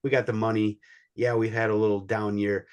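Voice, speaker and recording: A man's voice: on the low side, little pitch movement, fairly quick. A man hosting a soccer podcast, steering the talk and teasing his co-hosts in casual sports chat.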